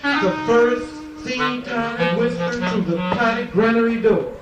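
A man reciting a poem in a slow, incantatory way that sinks to a hush. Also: very high-pitched. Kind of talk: incantatory poetry reading over music. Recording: echoey, dull and distant, with music.

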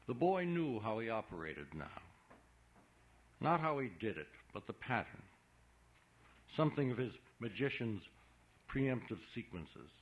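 A man narrating a literary audiobook in a measured, subdued reading. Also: medium pitch. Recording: dull lo-fi recording.

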